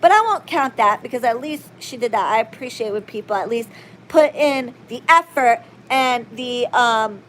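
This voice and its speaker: High-voiced, blunt, profane woman venting. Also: lively intonation, moderate pace, fairly bright tone, slight background noise. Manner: blunt, profane, emphatic, keeps asking "okay?". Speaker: witch and spiritual reader. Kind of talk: venting vlog monologue.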